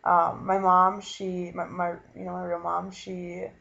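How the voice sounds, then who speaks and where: Young guy vlogging, earnest and halting, lots of "i was like", dull lo-fi webcam sound. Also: high voice, completely flat delivery, gravelly, pushed and bright. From Minnesota. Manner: earnest, halting, full of fillers and retellings. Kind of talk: casual personal vlog.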